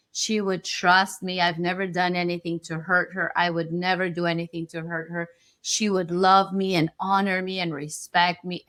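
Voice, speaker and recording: A woman co-hosting a relationship podcast, telling a personal story in an animated, emotional way. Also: lowish voice. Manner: animated and emotional, acting out her past self. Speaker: relationship coach and podcast co-host.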